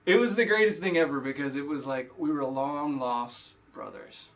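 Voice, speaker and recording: Chatty middle-aged pastor telling a story. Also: male voice, fairly high pitch, normal speed. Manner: chatty, repeats words while telling a story. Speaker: pastor and podcast host. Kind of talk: casual storytelling monologue.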